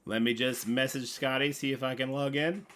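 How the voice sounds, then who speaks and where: A man hosting a casual gaming livestream, rambling playfully with sudden loud bursts and mumbled asides. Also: mid-range voice, steady tone, moderate pace.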